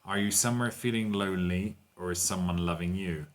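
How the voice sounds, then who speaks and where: A man's voice: low voice, fairly quick. A man teaching an online English lesson, walking learners through exercises and translating lines into Spanish.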